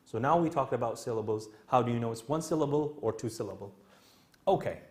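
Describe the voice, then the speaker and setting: A man's voice: mid-range voice, expressive, a little mellow. A man with a Kurdish accent, a native Kurdish speaker, teaching an English grammar lesson, explaining step by step and often checking in with "okay?". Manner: slow, repetitive explaining with many "okay?" checks.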